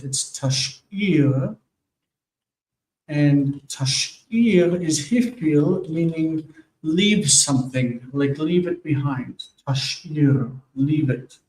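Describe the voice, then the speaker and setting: A man teaching grammar at an unhurried, deliberate pace, stopping often to check that his students follow. His voice sits a little high for a man and sounds distant from the mic. The room around him is echoey. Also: a little mellow. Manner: slow, patient explaining with frequent "okay?" checks. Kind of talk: online grammar lesson.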